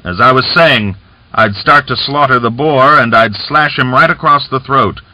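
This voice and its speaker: A man voicing a hoarse, callous male Cossack who talks in a rough, offhand, boastful way. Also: medium pitch, normal speed, pushed and bright, dry recording, pitched above the performer's own voice. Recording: dull lo-fi audiobook recording.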